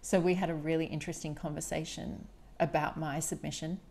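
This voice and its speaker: A woman's voice: deep voice, level tone, a little fast, darkish tone. A woman hosting a solo podcast, speaking candidly and emphatically, often swearing. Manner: candid, confessional. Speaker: podcast host.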